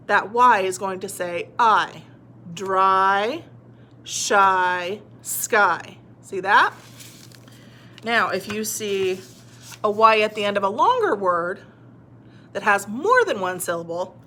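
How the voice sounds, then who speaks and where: A woman's voice: medium pitch, bright, forceful tone, slight background noise. A woman teaching a phonics lesson to young children, patiently sounding words out and cheering them on. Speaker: reading teacher.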